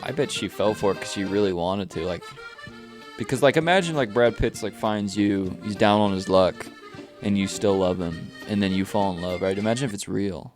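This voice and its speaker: A man's voice: fairly low pitch, moderate pace, soft background music. A man co-hosting a radio show, chiming in with laid-back, wry asides and questions in casual chat. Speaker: radio co-host.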